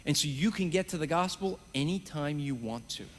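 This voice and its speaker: High, animated man in a hall. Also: a little hiss or hum. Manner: animated, talks fast with quick restarts. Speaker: evangelism trainer. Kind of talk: live teaching demo. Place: conference stage. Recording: reverberant hall.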